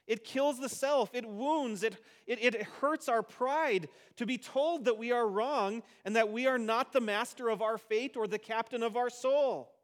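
A pastor preaching a sermon, speaking emphatically and slowing down to stress key phrases, sometimes soft and sometimes loud. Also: male voice, very high-pitched.

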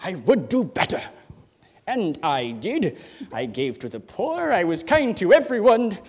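A man acts out a miserly old grump on a stage, his high voice swooping wildly as he blusters and sighs. The hall rings with a long reverb behind him. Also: very animated, a little slow, a little mellow, slightly rough, exaggerated voice. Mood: despairing. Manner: theatrical, sighing, blustering. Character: grumbling miserly old man, gloomy and self-pitying. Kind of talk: amateur stage play.

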